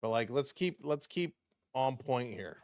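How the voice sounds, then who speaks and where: A man's voice: lively intonation, a little slow, a little mellow, no room sound, studio quality. A man streaming live hockey play-by-play in a casual way, greeting chat viewers between calls and rising sharply on big plays. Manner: rises sharply in pitch and volume on big plays.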